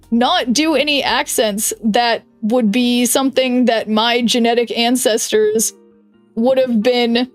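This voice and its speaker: A young woman streaming a card game, thinking aloud in a chatty way with lots of "like"s and quick restarts. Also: on the high side, steady tone, dry recording, faint music behind. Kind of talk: casual stream chat while playing a card game.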